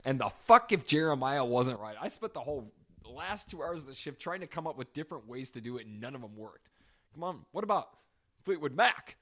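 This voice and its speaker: A man co-hosting a casual podcast, telling stories in a lively, swooping voice. He swears freely and laughs a lot. His pitch sits in the middle of the range but jumps around constantly. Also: brisk. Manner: animated storytelling, swearing, laughing often. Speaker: podcast co-host. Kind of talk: casual chat.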